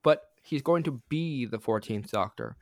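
A man hosts a casual pop culture podcast at a middling pitch, with a dry and close sound. He rambles, stops to correct himself, and keeps things wry. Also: expressive, moderate pace, no room sound. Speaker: podcast host. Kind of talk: casual chat.

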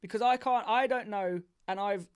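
A man's voice: high voice, moderate pace, smooth. A man from England, a songwriter guest on a podcast, chatting easily and often repeating himself. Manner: easygoing, repeats words, laughs often. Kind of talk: casual chat.

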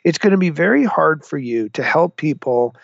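A man's voice: a little high, moderate pace, gravelly, no echo. A man, a former military commander, telling stories animatedly as a guest in an interview. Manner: animated storyteller, acts out quotes. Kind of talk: interview storytelling. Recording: dull lo-fi sound.

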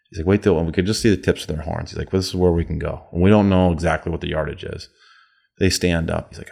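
A man, a podcast guest, telling a hunting story in a halting, restarting way. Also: sits low, steady tone, gravelly. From United States. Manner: halting, restarts, drops quiet then bursts loud in quoted yelling. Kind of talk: casual storytelling chat.

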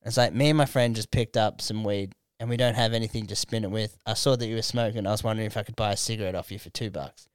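Talking fast in a smooth voice on the low side, this young Australian man is a comedian co-hosting a podcast. He spins a story in relaxed conversation, cursing a lot and animatedly performing other people's lines. The studio microphone gives a dry recording.

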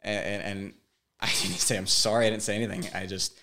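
A man in his twenties, appearing as a podcast guest, recounts a painful personal story haltingly and emotionally, often repeating words. His voice sits on the low side with little pitch movement, and background noise is audible.

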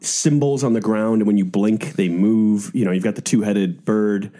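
A man's voice: fairly low pitch, normal speed, dark tone. A man co-hosting a book podcast, chatting casually and animatedly. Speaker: podcast co-host. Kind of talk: casual book-club chat.

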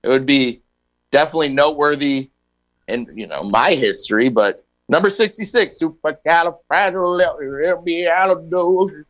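A man's voice: medium pitch, animated, moderate pace, fairly bright tone. A man hosting a casual comedy radio show, reading history items and joking over a video call. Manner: jokey, reads history items with asides.

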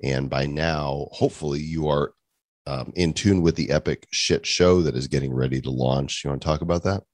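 Deep-voiced joking podcast host. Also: male voice, normal speed, darkish tone, no room sound. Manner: joking, upbeat banter. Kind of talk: casual podcast chat.

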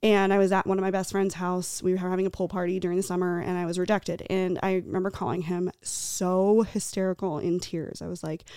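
A woman in her thirties co-hosting a podcast, telling a personal story in an earnest, halting way, tearful and choked up at times. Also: lowish voice, little pitch movement, dark tone, clear, resonant tone, dry recording, clean studio sound. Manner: earnest, halting, many restarts and fillers. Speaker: podcast co-host.

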